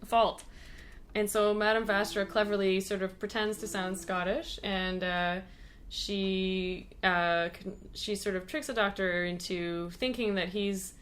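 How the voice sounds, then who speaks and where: A woman's voice: mid-range voice, fairly even intonation, a little slow, fairly bright tone, a little hiss or hum. A woman, a guest on a podcast, chatting casually as the resident show expert with a rambling flow full of fillers.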